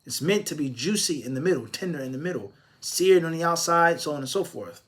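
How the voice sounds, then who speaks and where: A man with a fairly high voice answers viewers' religious questions in a live Q&A. He explains step by step and drops in Arabic phrases. When he makes a point he presses it with one rhetorical question after another. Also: animated, fairly quick. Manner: emphatic, stacking rhetorical questions.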